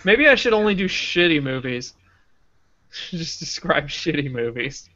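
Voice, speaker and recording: Podcast guy, high bright voice, animated profane retelling, dull lo-fi audio. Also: unhurried. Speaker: podcast co-host. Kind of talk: casual podcast chat, retelling a movie.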